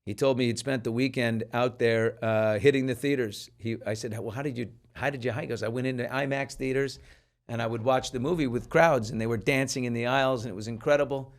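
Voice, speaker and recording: A male talk show host in a casual chat, spinning stories with lively energy and slipping into voices for the people in them. His voice sits at an ordinary middle pitch. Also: brisk. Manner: animated storyteller who acts out quoted people.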